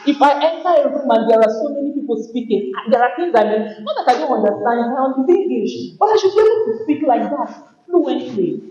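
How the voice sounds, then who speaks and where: A woman giving an animated motivational talk at a conference, often acting out workplace exchanges. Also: high-pitched, brisk. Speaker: conference speaker. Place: conference hall. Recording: very echoey hall, dull sound.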